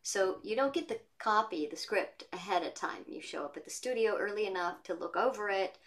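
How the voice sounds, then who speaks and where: Chatty woman telling stories. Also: medium pitch. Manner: chatty, lively storytelling. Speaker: voice actress guest. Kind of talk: casual interview chat. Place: home studio.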